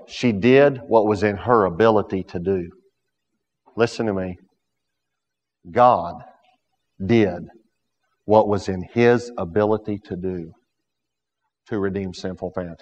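A man with a low voice delivers a sermon, climbing to loud emphatic peaks and sinking to hushed storytelling. His voice rings with a long reverb, as if in a church sanctuary. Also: muffled recording. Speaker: preacher.

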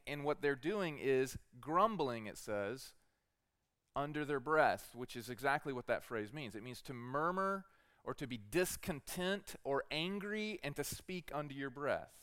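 Smooth-voiced male pastor preaching. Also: a little high, a bit bright, no room sound, studio quality. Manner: earnest, repeats rhetorical questions to the congregation. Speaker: teaching pastor. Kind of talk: sermon.

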